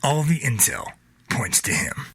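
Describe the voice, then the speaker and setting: A man's voice: medium pitch, big pitch swings, unhurried, fairly bright tone, breathy edge, no echo, heavily acted. A man doing a stern army lieutenant colonel. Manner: curt, commanding.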